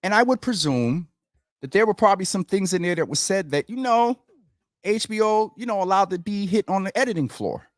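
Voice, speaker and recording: A man's voice: high voice, a little fast, no echo, clean studio sound. An earnest man hosting a casual community talk show, speaking straight to his viewers. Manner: earnest, animated, addresses viewers as y'all. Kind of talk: casual livestream commentary.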